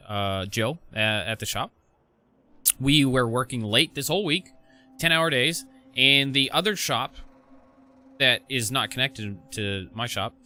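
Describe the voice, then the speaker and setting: A young man telling a rambling story to his stream, cursing a lot and stumbling over restarts. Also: mid-range voice. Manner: profane, rambling, excitable, many restarts. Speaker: gaming streamer. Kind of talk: casual storytelling.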